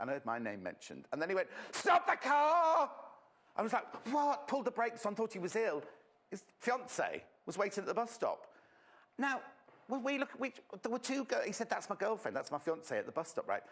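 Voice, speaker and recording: A man's voice: mid-range voice, fairly bright tone. A man presenting a live sewing demonstration on a shopping channel, chatty and gossipy as he teases the crew. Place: TV studio.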